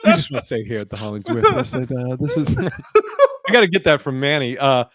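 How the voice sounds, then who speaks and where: A man in his thirties hosting a casual podcast, telling stand-up stories in a lively, swearing, laughing way. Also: medium pitch, brisk. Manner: animated storyteller, swears freely, laughs a lot. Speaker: podcast host and comedian. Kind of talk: casual podcast chat, storytelling.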